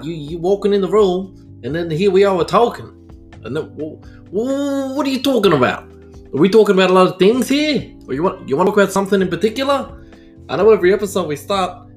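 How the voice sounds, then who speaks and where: A man doing a put-on Italian American accent as a loud, stammering, overexcited character in a podcast intro. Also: medium pitch, voice pushed up, close to an everyday voice. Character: exaggerated Italian American man, brash and chatty.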